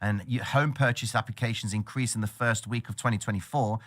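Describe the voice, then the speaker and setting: A man giving casual, animated trading commentary on a livestream. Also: fairly low pitch, a little fast. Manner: animated, slangy, excitable.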